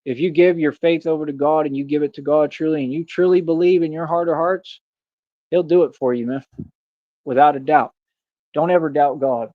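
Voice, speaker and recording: Earnest man, fairly high voice. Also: steady tone, brisk, dry recording. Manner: earnest, emphatic, peppered with "man" and "bro". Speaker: street performer in a Batman costume. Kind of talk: casual vlog monologue. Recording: dull lo-fi dry sound.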